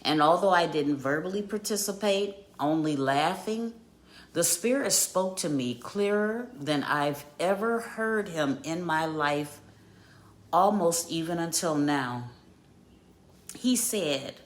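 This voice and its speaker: A woman hosting a devotional podcast, reading scripture passages and reflecting on them in a measured, earnest way. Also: deep voice. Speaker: podcast host and life coach.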